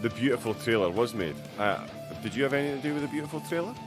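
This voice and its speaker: A jokey, talkative man hosts live sim racing commentary, bantering easily with a guest. His pitch sits in an ordinary middle range. Guitar music plays clearly underneath him. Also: animated, rapid-fire. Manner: chatty, jokey, banter-filled. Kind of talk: live race commentary chat.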